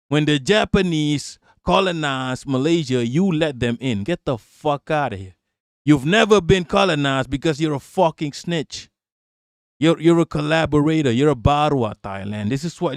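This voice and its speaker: A man's voice: a little high, no echo, studio quality. Man ranting profanely on a live stream. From Southeast Asia. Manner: profane, mocking, animated ranting with laughs. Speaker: live-stream political commentator. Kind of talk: heated live-stream rant.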